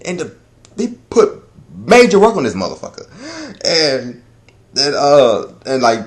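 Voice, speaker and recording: A man giving a casual chapter review, talking in a loud, profane, rambling way that is full of laughter. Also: medium pitch, very animated, measured pace. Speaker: anime and manga reviewer.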